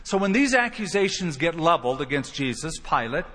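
A man's voice: big pitch swings, a little fast, a bit bright. Preaching man in a long-echo hall. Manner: emphatic preaching, acting out quoted lines with rising pitch. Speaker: pastor. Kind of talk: sermon.

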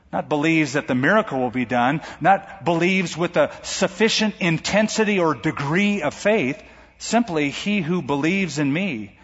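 A man preaching a sermon, with dynamic delivery that swings between rising emphasis and quiet drops. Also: fairly high pitch, slightly rough. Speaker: pastor. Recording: dull recording in a large reverberant hall.

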